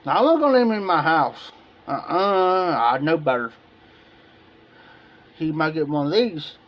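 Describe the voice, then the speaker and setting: A man's voice: on the high side, lively intonation, moderate pace, highs cut off. An American man hosting a live stream, telling rambling stories in a casual chat and acting out the dialogue. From United States. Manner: rambling anecdotes, repeats himself, acts out dialogue. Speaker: livestream host. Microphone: streaming setup, live video.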